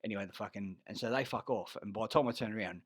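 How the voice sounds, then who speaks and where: A man's voice: fairly low pitch, racing, breathy edge, no echo. An Australian army veteran telling rambling, profane stories, often losing his thread and growing heated. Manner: grows loud and heated retelling a fight. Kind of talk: rambling personal storytelling.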